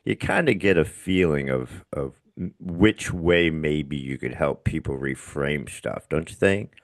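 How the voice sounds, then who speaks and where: Deep-voiced, blunt podcast host man. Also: unhurried, dry recording. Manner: blunt and profane, animated. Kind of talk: casual interview chat.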